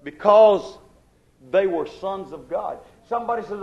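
A man's voice: high voice, moderate pace, creaky, darkish tone, lo-fi sound. An older man preaching a sermon, emphatic, with a rising and falling preaching cadence.

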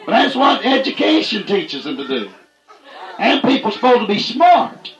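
A man preaching a fiery, folksy sermon, punctuating his points with "that's right" and rising to shouts. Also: high-pitched, huge pitch swings, moderate pace, roomy sound, poor audio.

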